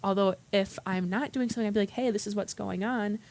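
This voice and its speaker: A woman's voice: medium pitch, fast talker, darkish tone. Earnest woman telling a personal story. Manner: earnest, recounts dialogue in quotes. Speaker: workshop participant. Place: meeting room.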